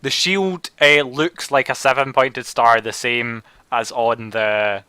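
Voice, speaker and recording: A man narrating as game master of a tabletop game, halting and correcting himself as he goes. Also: medium pitch, fairly even intonation, pushed and bright, clean tone.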